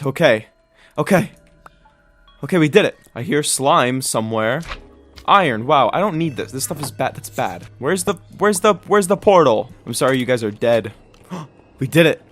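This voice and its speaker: A man's voice: medium pitch, fairly bright tone. A young man giving casual, upbeat let's-play commentary on his game, with dramatic reactions. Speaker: gaming YouTuber.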